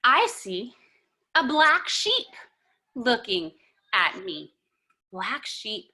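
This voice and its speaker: A woman leading a children's yoga lesson, animated and encouraging, with sing-song storybook chanting as she greets kids by name. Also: on the high side, drawn-out words. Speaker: kids' yoga teacher.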